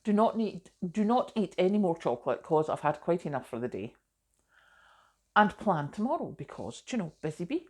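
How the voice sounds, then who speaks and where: Woman, middle-aged, somewhat low pitch, casual vlog chat, rambling, self-deprecating. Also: very animated, normal speed, warm tone. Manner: chatty and rambling, self-deprecating, often says "do you know". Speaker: vlogger.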